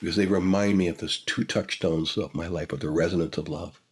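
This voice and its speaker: A man's voice: low-pitched, steady tone, fairly quick, breathy edge. An older man, a guest, telling a personal story in a reflective, emotional way, repeating phrases for emphasis.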